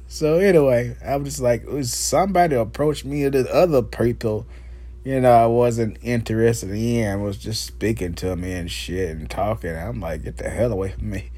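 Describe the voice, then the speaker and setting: A man hosting his own podcast, telling a rambling, profane story with lots of laughs and slow, drawn-out phrases. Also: medium pitch, a little mellow, no echo. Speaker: podcast host. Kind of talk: casual solo podcast monologue.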